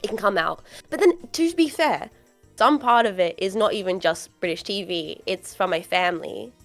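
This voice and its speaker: A woman's voice: medium pitch, lively intonation, normal speed, faint music behind. A young woman with a South Australian accent chatting casually on a live stream, laughing often and restarting her sentences.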